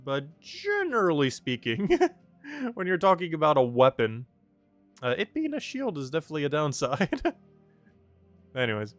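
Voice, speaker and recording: A man's voice: a little high, wildly swooping pitch, a little slow, pauses often, soft background music. A man streaming a game, rambling casually with many fillers and frequent laughter. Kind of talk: casual game livestream commentary.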